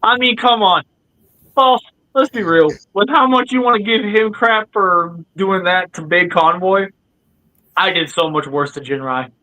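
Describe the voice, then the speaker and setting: A man hosting a livestream podcast in casual chat, animated and joking, calling his guests by nicknames. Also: high voice, unhurried, poor audio. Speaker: podcast host.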